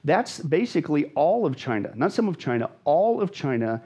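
Husky, animated preacher man. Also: on the high side, normal speed. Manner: emphatic, dramatic, repeats phrases for stress. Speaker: pastor, guest. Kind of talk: animated Bible teaching in conversation.

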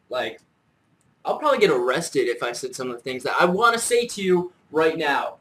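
A man's voice: a little high, a bit bright, poor audio. A man in a comedic rant to camera as a YouTuber, mock-furious and profane, sighing between lines.

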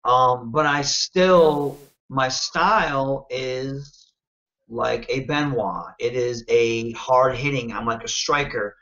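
A man from Michigan, a wrestler and interview guest, talking in an animated, confident, self-promoting way and often checking in with "you know what I mean.". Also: mid-range voice, slow pace, dull audio. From Michigan, United States. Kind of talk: casual interview talk.

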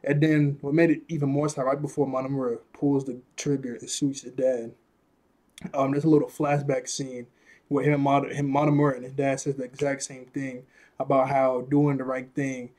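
A young anime vlog host speaks at a moderate pace, his medium-pitched voice flat and a little mellow. He loosely retells an anime scene in a rambling, chatty style, restarting and laughing as he goes.

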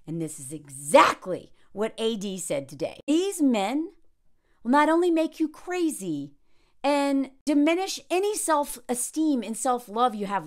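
A woman's voice: fairly high pitch, very animated, a little slow. A woman giving casual commentary on a reality show, blunt and exasperated in her critique.

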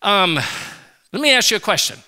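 A man's voice: sits high, moderate pace. A middle-aged man preaching a sermon, telling stories with playful humor. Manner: humorous, animated storyteller. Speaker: pastor.

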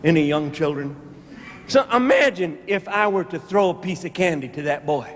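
A male comedian telling an animated story on stage during a live stand-up show. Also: fairly high pitch, moderate pace. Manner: animated storytelling, acts out scenes. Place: theater stage. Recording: live show in a reverberant hall with audience noise.

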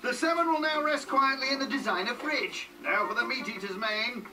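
A man's voice: very high-pitched, a little fast, pushed and bright, far from the mic, slight background noise, rough recording. A man giving wry, scripted voice-over narration for a reality show, with dry teasing quips.

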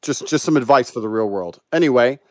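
A man's voice: medium pitch, fairly quick. A man with a mixed British and American accent, assertively lecturing in a livestream debate. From United Kingdom. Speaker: debate guest.

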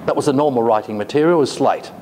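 A man giving a classroom lecture, talking slowly and hesitantly with many fillers and asides. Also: medium pitch, dark tone. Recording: long reverb, faint noise.

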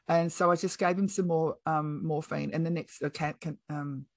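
A middle-aged woman speaks at normal speed in a low voice, with no room sound. Appearing as a podcast guest, she tells a story frankly and casually, bringing quoted dialogue to life with animated delivery.

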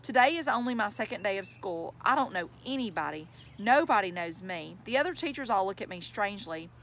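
A woman reading the part of a kind school counselor who speaks gently and reassuringly. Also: mid-range voice, lively intonation, fairly quick, a little hiss or hum. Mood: gentle.

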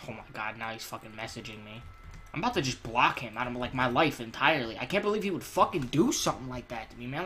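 Crude, excitable young gaming host. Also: male voice, medium pitch, brisk, a little hiss or hum. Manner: crude, jokey, with loud outbursts and laughter. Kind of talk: profane gaming commentary.

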